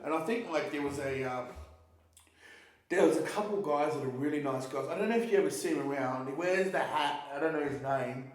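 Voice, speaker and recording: A young man rambles through his stories, swears often and keeps restarting mid-sentence. His voice sits fairly high for a man. The recording has a roomy echo around him. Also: a little fast. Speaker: interviewee. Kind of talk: casual street interview.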